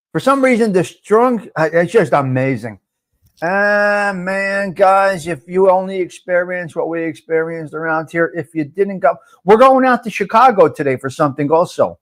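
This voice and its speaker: Loud, cursing host. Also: male voice, sits high, lively intonation, moderate pace. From North Jersey. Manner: loud, profane, talks to viewers by name. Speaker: live show host. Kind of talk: casual live-stream chat.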